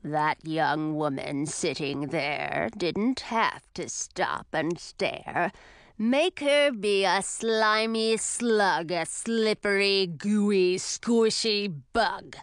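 A woman voicing a grouchy, spiteful old female witch with a rough, gravelly, low growl. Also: lively intonation, unhurried, a bit bright, no echo. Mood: threatening. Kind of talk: audiobook character voice.

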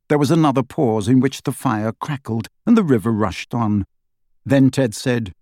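An audiobook narrator reading a fantasy novel aloud with expressive storytelling. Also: mid-range voice, normal speed, no echo, studio quality. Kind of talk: scripted narration.

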